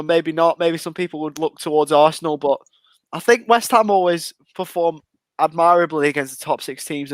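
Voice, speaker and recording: A man's voice: on the high side, dry recording. A man co-hosting a casual panel chat who explains his pick hesitantly, with many ums and restarts. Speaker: co-host.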